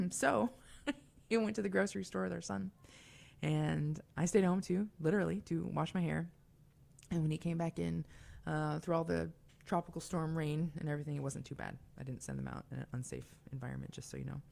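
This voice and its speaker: A woman's voice: low voice, a little fast, vocal fry, a little mellow. A young woman hosting a call-in radio show, talking in a chatty, confiding way with fillers and asides. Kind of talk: casual call-in radio talk.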